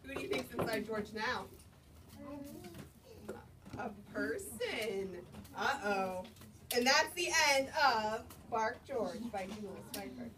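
A woman librarian reading a picture book aloud to young children at storytime, in an animated sing-song manner, asking them questions as she goes. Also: a little high, takes it slowly, long pauses. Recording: distant mic, noisy room. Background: children answering.

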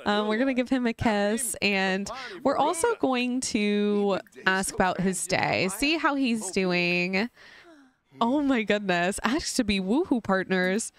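A woman's voice: mid-range voice, animated, takes it slowly. A young woman casually chatting and giggling as she narrates her life-sim game for her channel. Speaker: gaming YouTuber. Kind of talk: casual Let's Play commentary.

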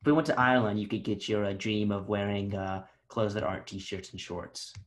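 A man's voice: lowish voice, steady tone, brisk. A young man in casual chat, joking and trailing off with fillers as a podcast co-host. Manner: jokey, trailing off with uh.

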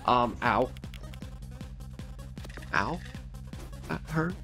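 A man's voice: mid-range voice, extremely slow, vocal fry, over music. A man giving playful gameplay commentary, talking directly to his viewers. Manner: playful, talks to viewers, animated. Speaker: let's play host.

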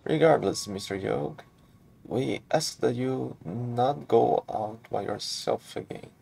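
A man's voice: medium pitch, takes it slowly, creaky, dark tone, breathy edge, heavily acted. A man reading the lines of a busy, polite male knight in a game, in a businesslike tone. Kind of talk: game dialogue read aloud.

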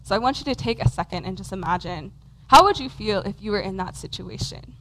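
A woman's voice: mid-range voice, lively intonation, fairly quick, a bit bright, a little hiss or hum, poor audio. A woman preaching a conversational sermon in a church, talking casually with lots of "um" and "like". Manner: casual, many fillers like "um" and "like". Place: church hall with a congregation.

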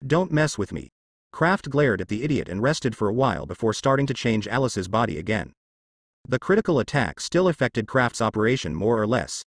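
Male audiobook narrator, lively pitch, dry sound, flat read. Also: no echo. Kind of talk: audiobook narration of translated fan fiction.

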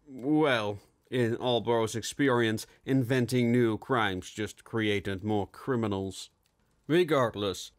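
A man narrating a steampunk novel in a measured storytelling manner. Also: mid-range voice. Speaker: audiobook narrator. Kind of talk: scripted narration.

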